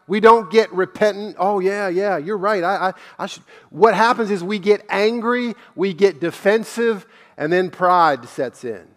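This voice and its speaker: A man preaching a sermon as a pastor, earnest and searching, firing off one rhetorical question after another. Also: sits high. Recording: long hall reverb.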